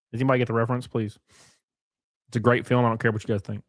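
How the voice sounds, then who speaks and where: A man hosting a live stream, chatting casually and joking loudly with viewers while sick and sniffly. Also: medium pitch, flat delivery, very fast, no room sound, studio quality. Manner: rowdy, jokey, loud exclamations and laughs. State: sick and sniffly, stuffed nose.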